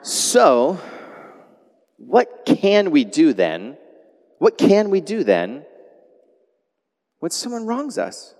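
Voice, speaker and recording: A man preaching a sermon as a pastor, animated, moving between quiet lines and loud exclamations. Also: medium pitch. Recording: long hall reverb.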